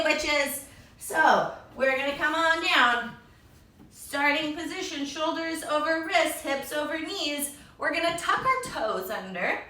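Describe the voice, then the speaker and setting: Bright, slow-spoken woman teaching kids' yoga. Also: high-pitched. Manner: upbeat, encouraging, does animal sounds. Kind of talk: children's yoga lesson. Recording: echoey room, distant mic.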